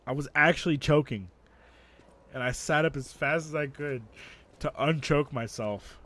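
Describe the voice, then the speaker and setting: A man's voice: fairly high pitch, normal speed. A man streaming a game, casually chatting and swearing as he tells a long story. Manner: swearing, storytelling, animated retelling. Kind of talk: casual gaming stream chat.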